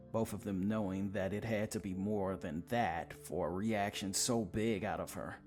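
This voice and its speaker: A man narrating a vampire story in a dramatic, expressive manner. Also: sits low, normal speed, soft background music.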